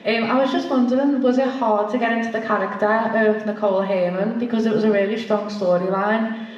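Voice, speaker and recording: A woman's voice: medium pitch, steady tone, a little fast, a little mellow. A woman, a fan at a convention, asking a question hesitantly and rambling with many ums. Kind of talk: audience question at a panel. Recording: dull echoey hall sound from far off.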